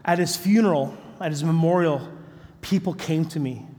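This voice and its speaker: A male pastor telling a story in a sermon, animated, acting out the voices of the people in it. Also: fairly high pitch, normal speed. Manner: animated, acts out quoted voices. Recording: long hall reverb.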